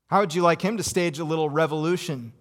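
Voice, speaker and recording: An actor playing an anxious Roman governor in a dramatic first-person monologue, intense and full of rhetorical questions. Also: male voice, on the high side, quick pace, natural voice. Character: anxious Roman governor, a cornered middle-aged man.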